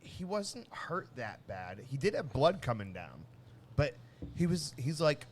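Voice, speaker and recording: A man co-hosting a casual podcast, telling a long family story with many restarts and lively acted-out bits. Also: fairly high pitch, unhurried, husky. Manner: rambling, restarts often, animated when telling a story. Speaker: podcast co-host.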